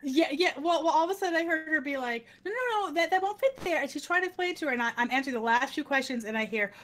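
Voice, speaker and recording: Woman host, high voice, lively storyteller doing voices as she plays. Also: rapid-fire. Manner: animated, acts out other people's voices. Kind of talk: casual storytelling while playing a game.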